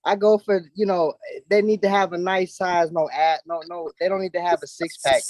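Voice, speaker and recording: A man co-hosting a live show, bantering in an animated, boastful, colloquial way. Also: high-pitched, normal speed, dry recording, rough recording. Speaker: co-host. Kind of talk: casual banter.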